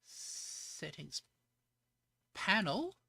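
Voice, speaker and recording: Australian woman, low-ish voice, unhurried, muttering through code, dry close sound. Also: sing-song, gravelly, bright, forceful tone, breathy edge, no room sound. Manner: thinks aloud while coding, chats with viewers in between. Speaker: VTuber streamer. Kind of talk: live coding stream chat.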